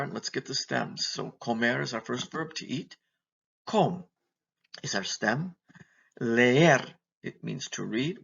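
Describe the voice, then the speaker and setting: Gravelly husky guy teaching verbs, asks and answers himself, kinda dull lo-fi sound. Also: mid-range voice, sharp tone. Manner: patient, asks and answers his own questions. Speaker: Spanish teacher. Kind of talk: recorded classroom lesson.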